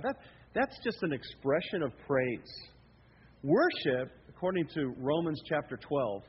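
A man preaching a sermon as pastor, lively and acting out his listeners' thoughts. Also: fairly high pitch. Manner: animated preaching, acts out listeners' inner voices. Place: church hall. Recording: lo-fi hall recording with faint noise.

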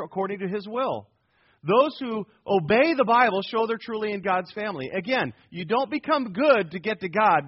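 A male preacher with a high, husky voice delivers a sermon with emphatic swings in volume. The recording is dull and lo-fi.

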